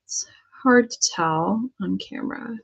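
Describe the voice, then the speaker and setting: An American woman chats her way through painting a prop, talking to herself and tossing in jokey asides in casual crafting-vlog style. Her medium-pitched voice is husky with vocal fry and moves at a measured pace.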